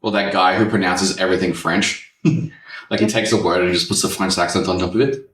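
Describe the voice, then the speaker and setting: A man's voice: sits low, fairly even intonation, a little fast, a bit bright. A man hosting a podcast, telling stories casually with plenty of swearing. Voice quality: swears freely, laid-back storytelling. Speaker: podcast host. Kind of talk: casual chat. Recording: echoey room, distant mic.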